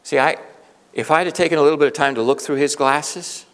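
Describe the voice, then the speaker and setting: A man's voice: a little high, steady tone, fairly quick, a bit bright. A middle-aged man preaching a storytelling sermon, earnest and conversational, often restarting his sentences. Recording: long reverb of a large hall.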